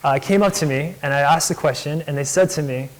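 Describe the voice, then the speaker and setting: A young man gives a guest lecture in a loose, storytelling way, talking enthusiastically and peppering his sentences with casual fillers. His voice sits a bit higher than most men's. The tone is that of a relaxed entrepreneur speaking to a room of students. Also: brisk, low-quality recording. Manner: enthusiastic, chatty, many "like" fillers. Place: lecture hall.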